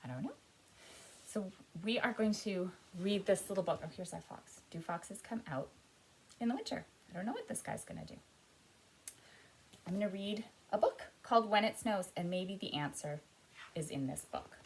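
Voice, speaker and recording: A woman leading an interactive storytime for young children, reading aloud and guiding actions, moving between loud calls and soft whispers. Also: mid-range voice, lively intonation, moderate pace, slight background noise, rough recording.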